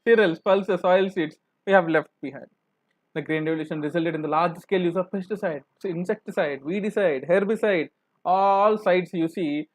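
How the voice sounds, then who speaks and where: Indian English-accented male coaching lecturer, pitched high, dry sound; explains and repeats, tag questions throughout. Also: no echo. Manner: explanatory, repeats points, frequent "right?" and "you know" tag questions. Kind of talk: live lecture discussing exam answers.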